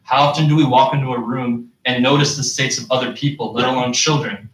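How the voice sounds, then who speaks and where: A young man delivers a sermon in a plain mid-pitched voice, earnest and patient, stopping often to ask the listeners questions. He sounds set back from the mic. His words ring through a large, echoing prayer hall. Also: steady tone, a little fast, fairly bright tone. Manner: earnest, explains step by step with rhetorical questions. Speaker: Friday sermon speaker. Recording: echoey hall, distant mic.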